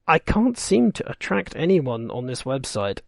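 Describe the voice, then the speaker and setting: A man's voice: medium pitch, sing-song, measured pace, creaky, no room sound, studio quality. A man voicing a prim, polite ghost librarian woman who speaks in a distant, whispery voice. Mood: wistful. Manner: polite, reproachful.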